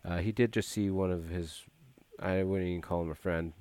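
A man's voice: deep voice, fairly even intonation, normal speed, darkish tone, smooth, no echo. A man casually recapping a movie plot, rambling with frequent filler words and restarts.

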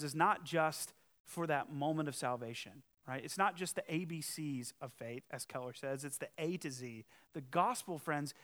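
A male pastor preaching a sermon, emphatic, with conversational asides and rhetorical questions. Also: a little high. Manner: emphatic, swings from loud challenge to quiet earnest appeal.

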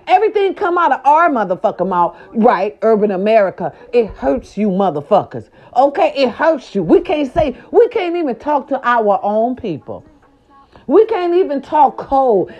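A woman hosting a casual commentary show, ranting loudly with lots of profanity and slangy asides, exasperated and outspoken. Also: on the high side, very animated, moderate pace. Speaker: host. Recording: dull lo-fi sound.

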